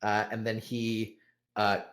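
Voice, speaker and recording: A man's voice: on the low side, completely flat delivery, slow pace, a bit bright. A man narrating as game master of a tabletop role-play, casual and easygoing, with many fillers and laughs.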